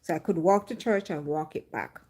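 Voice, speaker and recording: A woman's voice: sits low, normal speed, a little mellow. A woman hosting a livestream, telling a personal faith testimony as a story with dramatic re-enactments. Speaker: livestream host.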